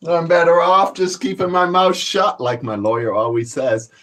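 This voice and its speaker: A man's voice: on the high side, normal speed, a bit bright. A man, telling stories casually on his vlog in a profane, boastful, laid-back way. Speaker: cannabis vlogger. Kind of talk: casual storytelling.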